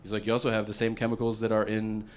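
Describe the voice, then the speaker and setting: A man's voice: on the low side, completely flat delivery, fast talker. A man doing stand-up comedy, telling a long story with plenty of swearing and acting out what other people said. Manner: profane, acts out other people's lines.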